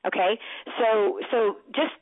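A woman's voice: on the high side, slow. A woman sales coach giving direct, encouraging feedback and laughing often. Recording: tinny phone line.

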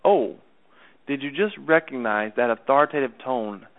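Over the phone, a sales coach chats with the person he's coaching, often going back over points and checking they understand him. His voice is medium-pitched and animated at a moderate pace, and the phone line is tinny.

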